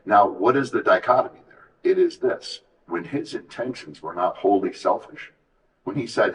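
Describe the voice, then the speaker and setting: A man's voice: fairly low pitch, expressive, normal speed, distant mic, rough recording. A man telling his story as an interview guest, candid and emphatic, often acting out what others said to him. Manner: earnest, emphatic, reflective, quotes others in dialogue.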